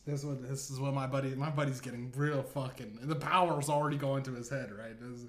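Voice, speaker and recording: A man's voice: mid-range voice, fairly even intonation, fairly quick, few pauses, fairly bright tone. A man hosting a podcast, telling a rambling comedic story full of profanity and asides. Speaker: podcast host. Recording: echoey room.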